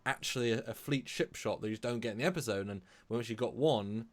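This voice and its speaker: A British man co-hosting a live stream, talking fast and enthusiastically, often restarting his sentences. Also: medium pitch. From Britain. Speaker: co-host. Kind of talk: casual live-stream chat.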